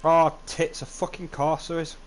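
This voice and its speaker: A young man giving live gameplay commentary as a streamer, chatty, with frequent swearing and sudden excited outbursts. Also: a little high, moderate pace, soft background music. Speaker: livestreamer.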